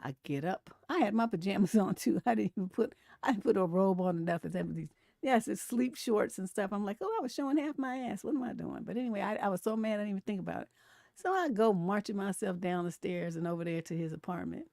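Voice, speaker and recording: A woman's voice: medium pitch, fast, gravelly, dark tone, dry recording, studio quality. A middle-aged woman, a relationship coach, hosting a casual live stream, telling stories bluntly with a lot of profanity and laughter. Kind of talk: casual livestream commentary.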